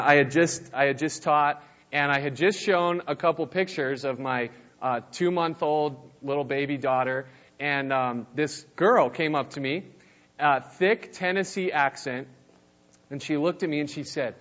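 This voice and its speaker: A man's voice: on the high side, a bit bright. Easygoing young man preaching, muffled sound. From New Mexico. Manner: easygoing, self-deprecating storytelling. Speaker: youth pastor, guest speaker. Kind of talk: casual youth sermon.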